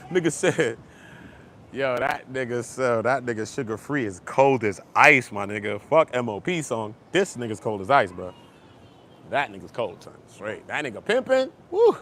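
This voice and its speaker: A man hosting an online gossip commentary show, talking fast and slangy, swinging from low mutters to loud excited bursts. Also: slight background noise. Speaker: YouTube commentary host. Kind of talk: animated street-gossip commentary.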